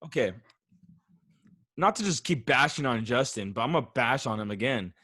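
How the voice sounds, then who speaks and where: A young man on a casual podcast, laughing as he reads out texts in a flat, teasing voice. His pitch sits in an ordinary middle range, and the sound is dry and close, with no room around it. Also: normal speed, dry recording. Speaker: podcast host. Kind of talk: casual chat.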